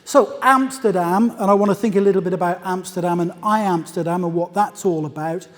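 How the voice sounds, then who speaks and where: Fairly high-voiced man presenting in a hall. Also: a little fast. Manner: conversational, anecdotal, with asides. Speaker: conference speaker. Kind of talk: conference presentation. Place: conference hall. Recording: long reverb of a lecture hall.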